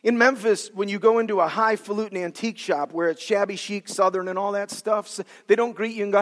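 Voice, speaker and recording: A man preaches a sermon in a church sanctuary, animated and dramatic, slipping into voices as he acts out quotes. His voice sits high for a man, and every phrase trails off in the long reverb of a large hall. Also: fairly quick.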